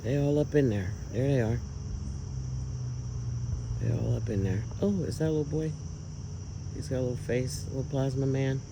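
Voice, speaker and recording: A man filming outdoors at night, talking to viewers in an emotional, awed, exclaiming way with drawn-out words. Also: mid-range voice, creaky, background noise. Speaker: vlogger filming lights at night. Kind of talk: excited casual commentary to viewers.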